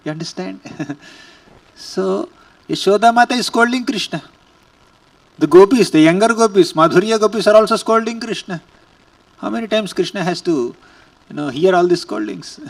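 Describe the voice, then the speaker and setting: A male preacher gives a devotional lecture, explaining verses with chuckling asides. His voice sits high for a man. He sounds somewhat distant from the microphone. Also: dry recording.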